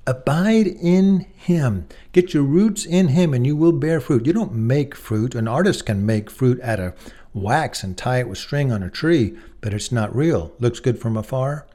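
A man's voice: mid-range voice, animated, a little slow, mellow. A man preaching a sermon, earnest and emphatic, speaking directly to his listeners as friends.

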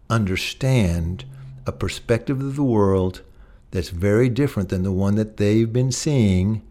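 A man's voice: on the low side, dark tone. A middle-aged male pastor preaching a sermon in a conversational way, telling a personal story and listing words one by one.

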